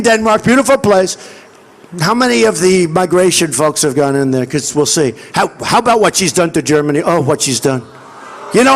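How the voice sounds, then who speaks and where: An older man speaking into a podium microphone at a large outdoor rally, his voice pushed unusually high as he shouts to the crowd. He is boastful and repetitive, and acts out the dialogue he quotes. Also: vocal fry. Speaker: political candidate at a campaign rally. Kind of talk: campaign rally speech.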